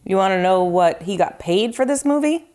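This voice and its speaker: A woman's voice: medium pitch, animated, moderate pace, a little mellow. A woman co-hosting a casual movie-review podcast, with playful, giggly banter. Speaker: podcast co-host.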